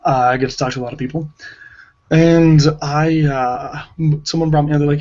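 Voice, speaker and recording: A man's voice: a little high, fairly quick, muffled recording. A young man eagerly telling a personal story in a casual group chat, acting out the back-and-forth. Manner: excited storyteller, acts out dialogue. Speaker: hangout participant.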